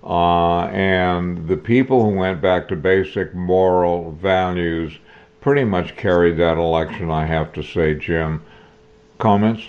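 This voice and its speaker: A man's voice: low-pitched, fairly even intonation, takes it slowly, darkish tone. An older man hosting a political talk show, giving his opinions in a folksy, plain-spoken way. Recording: dull lo-fi recording.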